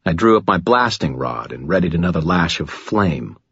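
Deep husky male audiobook narrator. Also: moderate pace, no room sound, highs cut off. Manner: gritty, dramatic, low and steady. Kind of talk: first-person audiobook narration.

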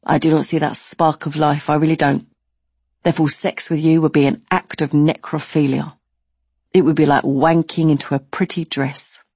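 A woman's voice: low-pitched, level tone, normal speed, darkish tone, slightly rough, no room sound. A woman doing a blunt, lecturing young man. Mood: earnest. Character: blunt, plain-spoken young man in a queue.

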